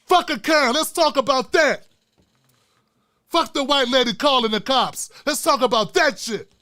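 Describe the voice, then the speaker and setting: Fiery high-voiced man ranting on his show. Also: normal speed. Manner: fiery, profane, preacher-like repetition; swings from hushed asides to shouting. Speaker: YouTube show host. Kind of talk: impassioned vlog rant.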